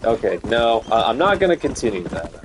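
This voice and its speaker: A man's voice: mid-range voice, big pitch swings, a little fast, noisy background. A man streaming a video game, talking casually in a rambling, chatty, self-mocking way while he plays. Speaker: gaming streamer. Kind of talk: casual chat while playing. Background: game music.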